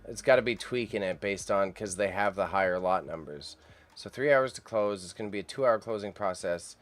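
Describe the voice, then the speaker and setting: A young man from Canada hosting a casual live stream about an auction. He talks in a loose, chatty way, swears, laughs often and jumps up in pitch when excited.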